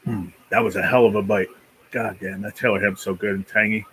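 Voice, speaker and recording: A man's voice: on the low side, steady tone, brisk, a bit bright, slight background noise, rough recording. A man hosting a casual live stream, rambling easily and chatting while he eats. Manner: rambling, easygoing, talks while eating. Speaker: livestream host.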